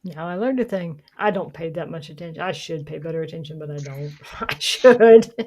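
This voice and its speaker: A woman's voice: low-pitched, animated, brisk, darkish tone. Chatty woman hosting a gaming stream. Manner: rambling, self-correcting, laughs often. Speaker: streamer host. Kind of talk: casual gaming chat.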